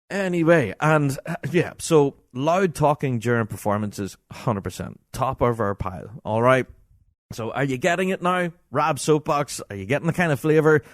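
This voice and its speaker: A man with a Scottish accent hosting a podcast, telling an exasperated, animated anecdote in casual talk. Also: mid-range voice, unhurried, dry recording, clean studio sound. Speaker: podcast host.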